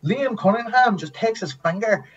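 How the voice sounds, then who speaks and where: A man telling lively, profane stories as a podcast guest, acting out the people in them. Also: sits high, normal speed, slightly rough, distant mic, lo-fi sound. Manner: animated, swears often, acts out quotes. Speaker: guest, former TV extra. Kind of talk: casual storytelling.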